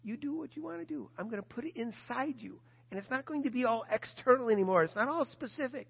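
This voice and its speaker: A man delivers a sermon in a fairly high voice, telling stories with lively animation and briefly voicing the people he quotes. The sound is a little dull and muffled, and a long echo trails behind him as if he is preaching in a large church hall. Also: fast, gravelly, breathy edge. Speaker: pastor.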